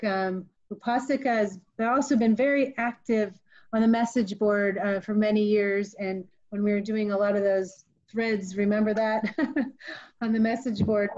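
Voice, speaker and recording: A woman with a warm, mellow voice moderates a panel discussion and introduces the next speaker. She sounds friendly and relaxed. Her audio is dull and lo-fi, as on a video call. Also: fairly high pitch. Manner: friendly, reads introductions, laughs easily. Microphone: video call mic.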